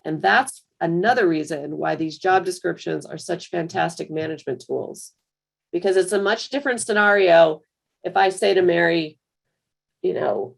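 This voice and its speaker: A woman giving a conversational screen-share software tutorial for managers, full of fillers and restarts. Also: fairly low pitch, normal speed, creaky. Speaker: software trainer.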